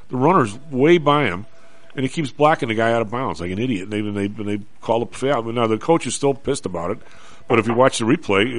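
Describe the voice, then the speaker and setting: A man hosting a talk radio show, talking quickly and loosely about football and the markets. He rambles and restarts his sentences as he goes. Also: lowish voice. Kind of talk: casual sports and market chat.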